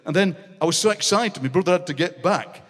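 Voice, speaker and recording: A man in his sixties with a Yorkshire accent, a guest poet telling comic stories on stage, animated and often laughing, with dialect phrases. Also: high voice, a little fast. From Barnsley, Yorkshire. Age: 60s. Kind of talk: comic storytelling on a live podcast. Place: city hall stage with audience. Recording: long hall reverb.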